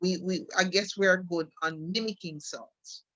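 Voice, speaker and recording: A woman's voice: fairly low pitch, moderate pace, fairly bright tone, no room sound, muffled recording. Jamaican woman explaining with examples. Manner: explains with examples, repeats words. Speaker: co-host. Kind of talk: casual chat.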